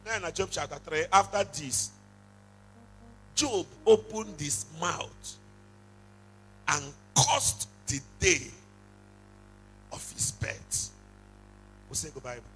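A man's voice: high-pitched, expressive, a bit bright, husky, low-quality recording. A man preaching a sermon, switching between English and Igbo and breaking into song. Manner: preaching with slow, drawn-out bursts into singing. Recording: music playing under the voice.

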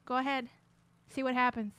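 A woman's voice: high-pitched, little pitch movement, normal speed, very noisy. A young woman chatting playfully on her live stream, giggly and rambling with lots of fillers. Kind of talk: casual live-stream chat.

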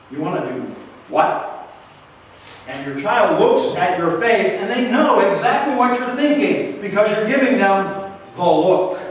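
A man preaching a sermon in a church, unhurried, with dramatic pauses and rhetorical questions. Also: high voice, slight background noise. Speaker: pastor. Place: church sanctuary. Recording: echoey hall from far off.

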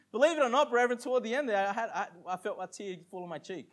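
An Australian pastor delivers a conversational sermon, slowing down to read scripture with emphasis and tossing casual asides to the congregation in between. His male voice sits high and sounds animated and a bit bright.

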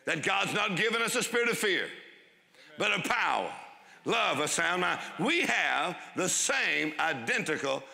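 A man preaching a sermon to a congregation, drawing out key phrases for emphasis and dropping into quick asides. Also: high voice, very animated, gravelly, sharp tone, long reverb tail. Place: church hall before a congregation.

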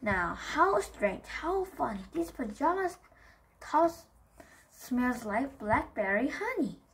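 A woman's voice: sits high, sing-song, slow pace, a bit bright, exaggerated voice, rough recording. Woman doing a puzzled young bear cousin.

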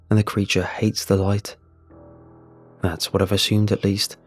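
A man narrating a horror story in a measured, tense storytelling manner. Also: lowish voice, fairly even intonation, a little mellow. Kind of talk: scripted narration. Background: faint music.

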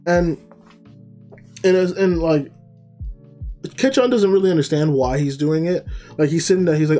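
A man casually recaps an anime episode, rambling and often correcting himself mid-sentence. His voice is mellow and relaxed. Faint music runs underneath. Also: fairly high pitch, normal speed, long pauses. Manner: rambling, with many fillers and self-corrections. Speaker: anime reviewer.

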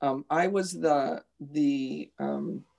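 A woman's voice: low voice, extremely slow, vocal fry, darkish tone. A woman teacher in a live online discussion, earnestly recounting classroom stories.

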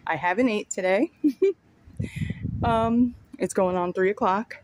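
A chatty woman rambles to her viewers as she vlogs from the street, calling them "y'all". Her middle-pitched voice comes through a handheld phone, with loud traffic and street noise all around her. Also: a little slow. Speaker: vlogger. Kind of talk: casual vlog talk to camera. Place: outdoors by a street and train station. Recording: outdoor street noise and passing vehicles.

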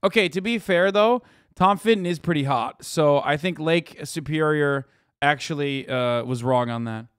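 A man's voice: on the high side, moderate pace, a bit bright, clear, resonant tone, dry recording, studio quality. A man hosting a livestream, reacting casually with profane, sarcastic, rambling talk full of restarts. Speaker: livestream host. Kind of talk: casual stream reaction commentary.

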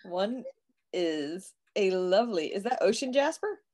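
A woman's voice: mid-range voice, animated, unhurried, darkish tone. A woman in her forties co-hosting a casual chat, laughing often as she talks. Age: 40s. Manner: giggly, chatty. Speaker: co-host.

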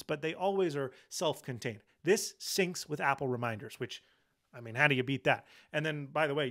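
A young man hosting a tech channel, casually and enthusiastically demonstrating software while sounding tired and low on energy.

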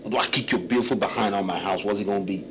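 A man's voice: lowish voice, very fast, background noise, natural voice. An actor playing an arrogant young womanizer with a slangy, swaggering Nigerian accent who lashes out at his girlfriend. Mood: dismissive. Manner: cocky slangy swagger, swings into shouting.

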